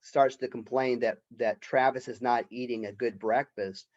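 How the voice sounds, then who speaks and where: A man's voice: mid-range voice, steady tone, normal speed, a little mellow, dull audio. A male college professor giving a recorded literature lecture in a conversational way, often checking in with "right?".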